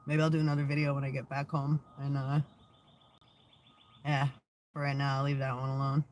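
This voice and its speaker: A woman's voice: a bass voice, completely flat delivery, a little fast, darkish tone, slight background noise. A woman hosting her own channel in casual vlog chat. She is sarcastic and swears freely, laughs often, and trails off into fillers and restarts. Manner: profane, sarcastic, laughs a lot. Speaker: channel host.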